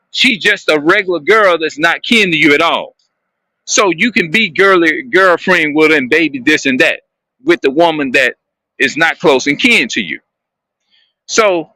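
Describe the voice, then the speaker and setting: Speaking a little high with a sharp tone, a man addresses his viewers in a meandering, stop-start monologue, often circling back to repeat or restart what he's saying. The recording has no echo.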